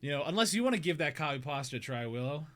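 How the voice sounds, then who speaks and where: A man's voice: a little high, very animated, very fast, a bit bright, a little hiss or hum. A man hosting a live stream, chatting casually with a rambling, laughing manner. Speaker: streamer and show host.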